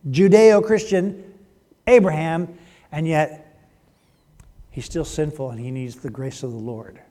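A man's voice: sits high, darkish tone, in a large hall. A man teaching through a Bible passage in a conversational way, often asking listeners rhetorical questions.

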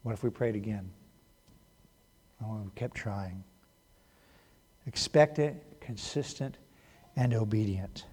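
A man's voice: lowish voice, takes it slowly, pauses often, husky. Conversational male pastor preaching. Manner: conversational preaching, swings between hushed and animated. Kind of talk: sermon.

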